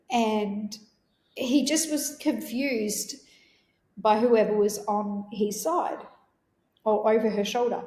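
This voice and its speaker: A woman's voice: fairly high pitch, steady tone, slow, pauses often, warm tone. A woman hosting a podcast, telling a personal story in an earnest, reflective way with many fillers. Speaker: podcast host. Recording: roomy echo.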